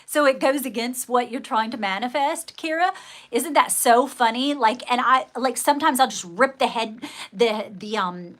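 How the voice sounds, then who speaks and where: A woman's voice: on the high side, normal speed. Chatty woman rambling on a livestream. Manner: chatty, rambling, animated with dramatic quoted outbursts. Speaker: livestream host. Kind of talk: casual livestream chat with viewers.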